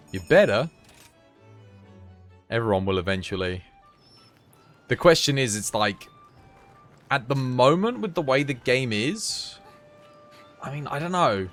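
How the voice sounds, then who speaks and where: Man, game streamer, lively swinging pitch, game music underneath. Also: slow pace, pauses often. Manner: chatty, animated, breaks into high giggling fits. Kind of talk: live gameplay commentary.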